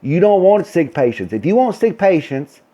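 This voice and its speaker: A man's voice: sits high, very animated, moderate pace, warm tone, dull audio. A man who works as a nursing supervisor, telling a story in a blunt, ranting way and acting out the dialogue. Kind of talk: casual storytelling rant.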